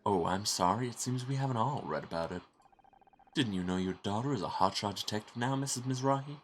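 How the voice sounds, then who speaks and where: A man's voice: lowish voice, brisk, slight background noise, lightly acted. A man voicing a smug, cruel young man who taunts a detective in mock-polite tones in a game. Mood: sneering.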